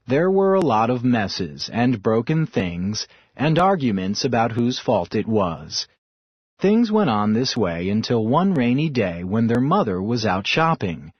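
A man narrating a children's storybook slowly, in a low and husky voice with a lively, swinging pitch. The sound is dry and close, with no room echo. The recording is dull and lo-fi.

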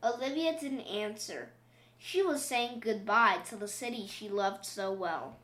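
A woman reading a picture book aloud, expressive and playful. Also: mid-range voice, a little slow. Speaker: storybook reader. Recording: roomy echo.

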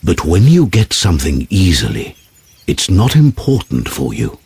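A man playing Prospero, a stern, controlling old magician and father, in slow, commanding tones. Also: sits low, huge pitch swings, gravelly, a little mellow, breathy edge, dry recording, heavily acted. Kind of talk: storybook reading.

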